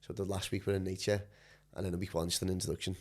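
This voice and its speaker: A man's voice: low-pitched, little pitch movement, very fast, darkish tone. Swearing, rambling man coaching guest. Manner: swears freely, loose rambling with many fillers. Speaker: guest, mind and body coach. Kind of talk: casual podcast chat.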